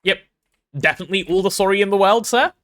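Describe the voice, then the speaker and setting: A young English man casually chatting on a gameplay livestream, reading chat aloud and joking, quick to apologize. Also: high-pitched, a bit bright. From England.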